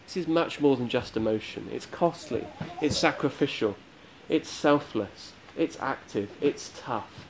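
A man's voice: medium pitch, unhurried, few pauses. Male preacher, earnest sermon delivery, emphatic repetition, faint room noise. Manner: earnest, emphatic with repeated phrases.

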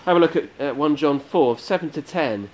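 A man's voice: a little high, moderate pace. Male preacher, earnest sermon delivery, emphatic repetition, faint room noise. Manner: earnest, emphatic with repeated phrases.

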